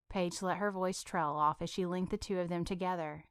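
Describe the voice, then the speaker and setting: Audiobook narrator, woman, even measured reading, smooth clear voice, dry close sound. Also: lowish voice, no room sound. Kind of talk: scripted romance narration.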